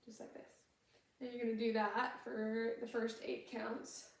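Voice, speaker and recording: A woman's voice: fairly high pitch, level tone, unhurried, vocal fry. A young woman teaching a dance routine step by step, patiently explaining each move while she demonstrates. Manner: patient, explains moves while demonstrating, sometimes hums the tune. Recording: echoey room, voice from far off the mic.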